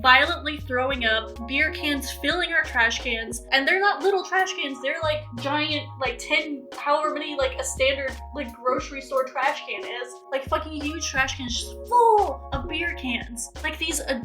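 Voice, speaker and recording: Young woman, casual reaction rant, incredulous, swearing, bright tone, high voice. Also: low-quality recording. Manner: ranting, swears a lot, incredulous. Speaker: video host reacting to her old clips.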